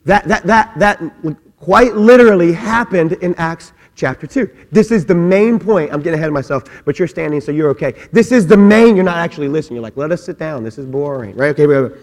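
Male pastor, high voice, lively joking sermon, church hall echo. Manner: animated, joking asides, many quick restarts. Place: church sanctuary. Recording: long hall reverb.

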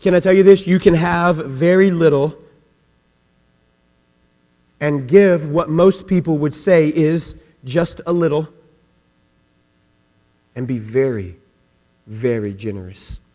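A male pastor preaching a sermon, telling stories and swinging from quiet asides to loud, emphatic questions. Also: on the high side, slow, pauses often. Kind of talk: sermon with storytelling. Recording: long hall reverb with mains hum.

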